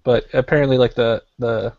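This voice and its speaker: A man's voice: mid-range voice, fairly even intonation, a little fast, gravelly, dry recording. A young man co-hosting a podcast, telling a story casually with lots of filler words. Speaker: podcast co-host. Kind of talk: casual chat. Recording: slightly dull lo-fi podcast audio.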